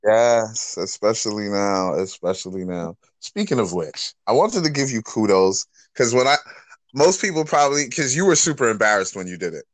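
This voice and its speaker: A man's voice: lowish voice, animated, moderate pace, dry recording. A man hosting a casual interview, enthusiastic and affirming, who acts out his own reactions as he talks. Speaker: interview host.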